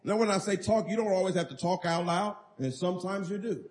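A pastor delivers his sermon with a notably high-pitched male voice. He preaches emphatically, pressing his points and drawing answers from the congregation. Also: lively intonation, a little fast, a little mellow. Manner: emphatic preaching with call-and-response.

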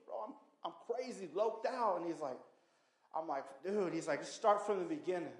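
A man in his thirties gives a preaching testimony, telling his story in animated street slang and acting out the quotes. His voice sits high for a man. The sound carries the echo of a big room. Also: brisk. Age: 30s. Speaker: testimony speaker.

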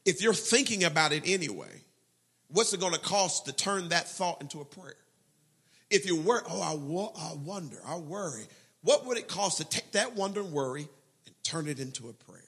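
Pastor animado de voz alta e rouca. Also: male voice, sits high, normal speed, slightly rough. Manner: animated preaching, quoting prayers and scripture with shifting intensity. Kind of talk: sermon.

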